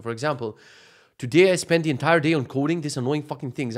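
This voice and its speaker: A young man hosting a solo podcast, ranting casually and sarcastically with lots of swearing. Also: mid-range voice. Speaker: podcast host.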